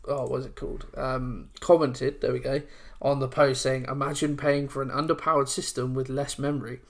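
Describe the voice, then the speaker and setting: A man's voice: medium pitch, level tone. Chatty young man, casual podcast. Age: 20s. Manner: chatty, rambling, reads aloud haltingly. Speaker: podcast co-host. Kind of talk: casual chat.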